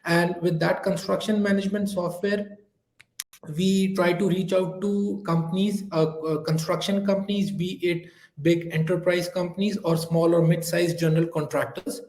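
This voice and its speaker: A man's voice: high-pitched, little pitch movement, moderate pace, a little mellow, reverberant, poor audio. A man who is a sales rep, speaking hesitantly with many fillers during a webinar role-play call.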